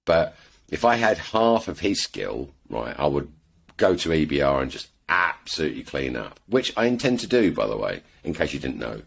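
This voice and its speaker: A British man with a very low, husky voice, chatting as a podcast guest. He rambles through his stories, doubling back and adding asides as he goes. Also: big pitch swings, normal speed. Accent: British English. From England. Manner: rambling storyteller, lots of restarts and asides. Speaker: podcast guest, airgun shooter. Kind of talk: casual chat.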